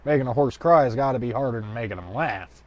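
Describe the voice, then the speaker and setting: A man's voice: medium pitch, fast, no room sound, lo-fi sound, close to an everyday voice. A man voicing an easygoing adult male bartender in a told joke, talking in a drawling, matter-of-fact way.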